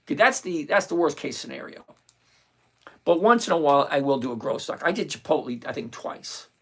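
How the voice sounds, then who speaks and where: Livestream host, casual chat, greets viewers by name, fry in the voice. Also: medium pitch, expressive, a little fast, a bit bright. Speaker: livestream host on stock options. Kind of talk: casual live chat, reading viewer names.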